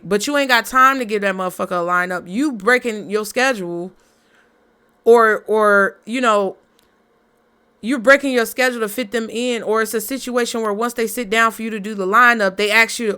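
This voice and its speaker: A woman's voice: fairly high pitch, moderate pace, sharp tone, clear, resonant tone. Blunt, fired-up woman tarot reader. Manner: blunt, profane, fired-up motivational talk. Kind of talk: casual collective tarot reading.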